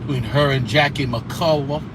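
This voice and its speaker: A man's voice: medium pitch, moderate pace. A man hosting casual church gossip commentary, sassy and drawling, with mocking mimicry of the people he talks about. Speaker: host. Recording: outdoor traffic noise.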